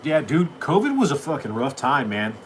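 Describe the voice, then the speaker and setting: A man's voice: medium pitch, sing-song, moderate pace, a little hiss or hum. Profane, rambling middle-aged man. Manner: profane, rambling, heated rants. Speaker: podcast host. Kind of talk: casual live-stream chat.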